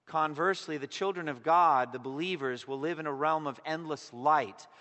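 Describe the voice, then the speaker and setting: A man preaching with a fairly high voice, earnest and intent. He swells to loud emphasis, then drops to a near hush on solemn points. The sound rings out with the long echo of a church hall. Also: normal speed. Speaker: pastor. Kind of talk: sermon.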